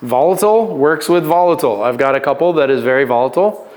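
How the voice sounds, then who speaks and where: A man's voice: on the high side, animated, quick pace, a little mellow. A male pastor teaching a relationship seminar in a casual, joking way, laughing often and checking in with "right?". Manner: conversational, keeps asking "right?".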